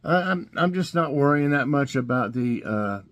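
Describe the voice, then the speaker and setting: A man's voice: mid-range voice, lively intonation, moderate pace, fairly bright tone, dull audio. A middle-aged man with a Southern US accent, casually reading trivia questions and joking about the silly answers with plenty of chuckles. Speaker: host.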